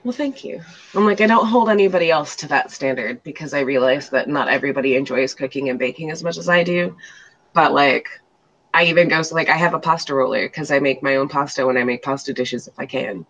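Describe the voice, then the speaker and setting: A woman's voice: low voice, fast, fairly bright tone, highs cut off. A woman in a casual chat, telling stories chattily and acting out other people's lines. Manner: chatty storyteller, lots of fillers and acted-out quotes.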